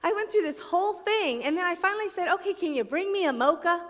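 A middle-aged woman from New Jersey giving a personal testimony talk at a conference, a lively storyteller who acts out the voices she quotes. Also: very high voice, fast talker, hardly any pauses. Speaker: conference speaker. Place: conference hall stage. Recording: echoey conference hall.

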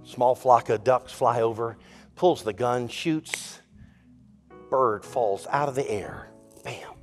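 A man preaching a sermon as pastor, telling a folksy joke story and speaking in a lively, conversational way. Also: medium pitch, slow, soft background music. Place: church sanctuary.

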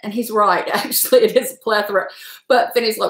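Chatty Southern woman in an echoey room. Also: on the high side. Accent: Southern US (Southwestern Virginia). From Southwestern Virginia. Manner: chatty, rambling, quick to laugh. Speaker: livestream host chatting with viewers. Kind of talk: casual chat.

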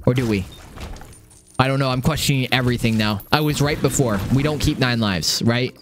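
A young man giving casual live gameplay commentary, excitable and swearing often, repeating phrases under pressure. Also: mid-range voice, brisk, soft background music. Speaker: gaming streamer.

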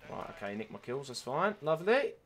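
A young man chats to his viewers over his gameplay with a very lively, up-and-down voice, cursing and grumbling as he plays. Gunfire and game sounds come through clearly behind him. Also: mid-range voice, fairly quick, noisy background. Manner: swears often, frustrated and animated, talks to viewers as boys and mate. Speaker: gaming streamer. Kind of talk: casual gameplay commentary.

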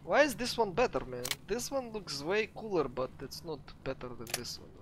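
A man with a Russian accent giving chatty, excitable let's play commentary to his viewers. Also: on the high side, normal speed, noisy background. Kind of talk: gameplay commentary.

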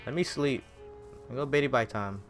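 A gaming video creator with a mid-range voice gives casual commentary over his own gameplay at normal speed, jumpy and exclaiming and talking straight to the game. Game music plays behind his voice.

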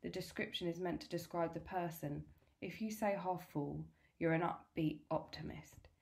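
Gentle loving mum, read by a woman. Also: on the low side, steady tone, moderate pace, creaky. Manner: gentle, reassuring. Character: loving, gentle mother of a teenage son.

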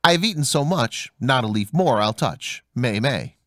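Guy doing a spiteful little nanny goat, bleaty sing-song rhymes, lots of pitch swing. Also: lively intonation, normal speed, no echo, clean studio sound, close to an everyday voice. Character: wicked lying nanny goat, sly and spiteful.

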